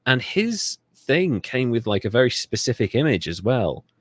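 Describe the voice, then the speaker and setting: A man's voice: mid-range voice, very animated, normal speed, no room sound. A man co-hosting a comedic history podcast, joking and swearing freely as he riffs on the story. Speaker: podcast co-host. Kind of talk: casual comedic history chat.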